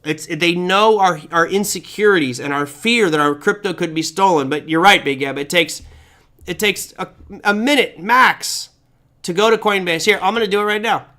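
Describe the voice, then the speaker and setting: A man hosting a live online crypto trading class, chatty and energetic, reading viewer comments aloud while sharing his screen. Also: high-pitched, moderate pace.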